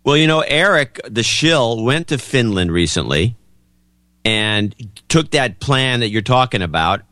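A man's voice: medium pitch, animated, a little slow, bright, forceful tone, no echo, studio quality. A man co-hosting a casual podcast, giving blunt, emphatic advice. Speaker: podcast co-host. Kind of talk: casual chat.

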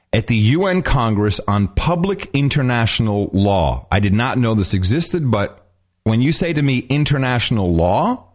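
A man hosting a podcast, chatting casually and mocking a news story with sarcasm. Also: lowish voice. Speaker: podcast host. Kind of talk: casual chat.

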